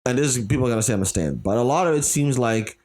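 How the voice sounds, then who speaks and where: A man's voice: mid-range voice, lively intonation, racing, a little mellow. Man reasoning through a podcast debate. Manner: analytical, hedging, circles back to his point. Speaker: podcast co-host. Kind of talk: casual chat.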